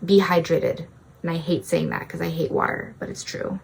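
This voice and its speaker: A woman's voice: low-pitched, steady tone, moderate pace, gravelly, a little hiss or hum. A young woman vlogging self-help advice in a casual, breezy way, often saying "like". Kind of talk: self-help vlog talk.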